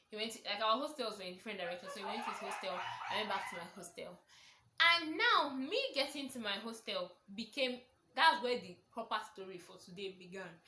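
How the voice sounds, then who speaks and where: A young Nigerian woman with a Nigerian accent, telling a casual storytime vlog and acting out the people in her story with big jumps in pitch. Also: sharp tone, reverberant. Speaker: vlogger.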